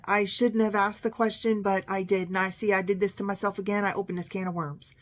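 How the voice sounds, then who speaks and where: A middle-aged woman spins a long story from her own life, dry and sarcastic, with an exasperated edge as she quotes the people involved. Her voice sits in an ordinary middle pitch. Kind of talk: casual storytelling monologue.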